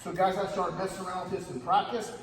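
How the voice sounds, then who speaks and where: A man's voice: sits high, little pitch movement, quick pace. A middle-aged man coaching wrestling at a camp, telling a story animatedly, often calling his listeners "guys" and raising his voice for emphasis. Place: large gym hall. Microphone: camera far from speaker. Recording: echoey gym, distant camera, audible room noise.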